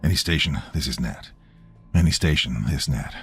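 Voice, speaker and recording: A gruff, worn-out military airman with a blunt, clipped way of speaking, as a male storyteller puts him on. His voice sits very deep and low, and he talks at a slow, heavy pace. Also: fairly bright tone, faint music behind, heavily acted. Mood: curt. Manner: blunt, curt. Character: gruff weary male American airman lieutenant.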